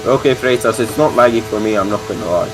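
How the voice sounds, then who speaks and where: A man commentating a live sim race, excitable and chatty with casual swearing. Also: on the low side, quick pace, background noise.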